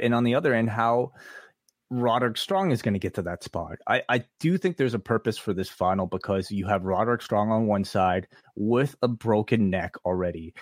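A man's voice: lowish voice, no echo, clean studio sound. A man co-hosting a wrestling review podcast, talking in casual chat, eager with his opinions and full of fillers and restarts.

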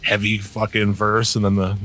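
Man, low-pitched voice, blunt and profane, casual podcast chat, faint music behind. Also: completely flat delivery, moderate pace. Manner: blunt, opinionated, swears a lot. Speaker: podcast co-host.

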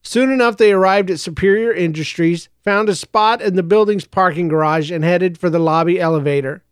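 Smooth-voiced male storyteller. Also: high-pitched, brisk, no room sound, clean studio sound. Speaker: audiobook narrator. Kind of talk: storybook narration.

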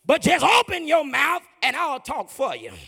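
A man voicing God as a stern figure who flatly refuses excuses, with a bright, gravelly voice. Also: very high voice, normal speed, pitched above the performer's own voice, exaggerated voice. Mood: firm. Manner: blunt and commanding.

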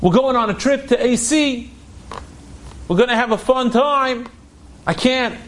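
A troubled young son, voiced by a male storyteller speaks in a very high, taut voice. He pleads, protests and cries out in raw anguish. The delivery stays close to the teller's own storytelling voice. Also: measured pace, a little hiss or hum. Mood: reluctant. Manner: pleading, then anguished shouting. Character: young man, rebellious son turned repentant.

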